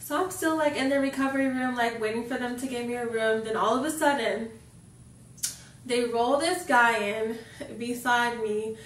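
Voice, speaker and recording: A woman's voice: fairly high pitch, moderate pace, far from the mic. Chatty young woman in an echoey room. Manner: chatty, fills sentences with "like". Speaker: vlogger. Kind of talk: casual storytelling. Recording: roomy echo, mic set back.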